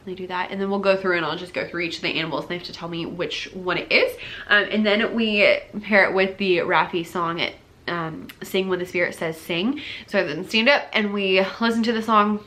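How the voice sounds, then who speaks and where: A woman's voice: fairly low pitch, a little fast, bright, forceful tone, a little hiss or hum. A young woman, an elementary music teacher, casually talking through her lessons, acting out classroom exchanges and sometimes whispering or singing bits. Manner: acts out classroom dialogue, drops to whispers, sings snippets.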